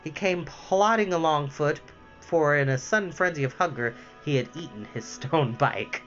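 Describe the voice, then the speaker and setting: A man reading a chapter book aloud in an animated way, his voice sitting a little high. He breaks off now and then for chatty asides. The sound is slightly dull. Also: moderate pace, faint music behind. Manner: lively, with asides and self-corrections. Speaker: storyteller.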